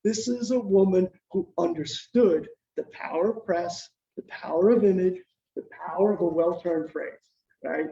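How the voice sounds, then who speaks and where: A mellow older man, a historian and journalist, gives an informal history lecture as a guest, speaking at normal speed in a high-pitched voice. He is a lively storyteller with many fillers and restarts, captured in distant, muffled lo-fi sound.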